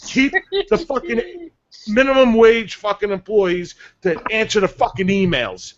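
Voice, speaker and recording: A man's voice: sits high, a bit bright, highs cut off, slight background noise. A man ranting angrily and profanely on a chat show, venting hard. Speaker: show regular, clan player.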